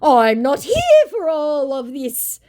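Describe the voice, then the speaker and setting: A huffy, pushy male scammer, as a woman reads his messages aloud, pitched well above her usual voice. His delivery is slow, dismissive and indignant, and he keeps brushing people off with goodbyes. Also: huge pitch swings, dark tone, full character voice.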